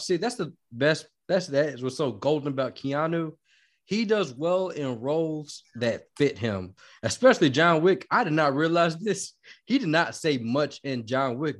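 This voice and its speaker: A man hosting a casual podcast, laid-back and profane as he leads each segment. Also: a little high. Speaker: podcast host. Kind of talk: casual chat.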